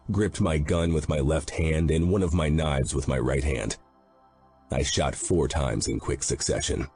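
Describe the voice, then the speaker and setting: A man's voice: very deep voice, mellow, slightly rough. A man narrating a first-person audiobook in a grim, intense manner.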